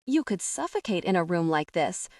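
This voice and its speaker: A menacing, manipulative storybook king, coaxing and soft-spoken even as he threatens, as a woman reads him in an audiobook. The voice sits a touch low and hushed, dry and set a little back from the mic. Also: moderate pace, dry recording. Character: menacing male king, coaxing and cruel father. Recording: dry, somewhat distant from the mic.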